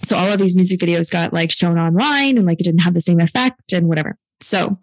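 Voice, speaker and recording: A young adult woman and filmmaker telling a story in casual chat, full of "like" fillers and quick laughs. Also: fairly low pitch, no room sound, poor audio. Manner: chatty, many "like" fillers, laughs often. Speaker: filmmaker and producer.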